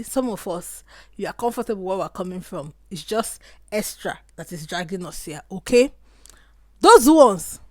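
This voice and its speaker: A young Nigerian woman with a Nigerian accent, chatting casually to camera and mixing Pidgin asides into her lively storytelling. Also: medium pitch, no echo, clean studio sound. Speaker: vlogger.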